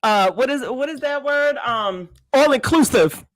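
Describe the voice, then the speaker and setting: A woman's voice: high-pitched, expressive, unhurried, dry recording, rough recording. A woman hosting a podcast, chatting casually in slang, laughing often and reading out multiple-choice questions to her guest. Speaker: podcast host. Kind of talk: casual interview chat.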